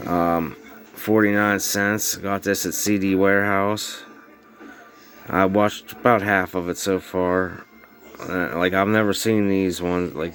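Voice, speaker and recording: Low flat-voiced man rambling about tapes. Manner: rambling, filler-heavy, informal grammar. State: snuff in mouth slurring words. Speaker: VHS collector vlogger. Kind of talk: casual show-and-tell. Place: home bedroom.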